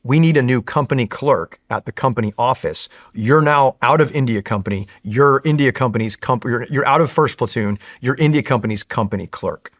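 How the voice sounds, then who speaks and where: A man voicing a gruff middle-aged male Marine gunnery sergeant who barks blunt orders, putting on a higher voice. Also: brisk, hardly any pauses, no echo, studio quality, natural voice. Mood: barking.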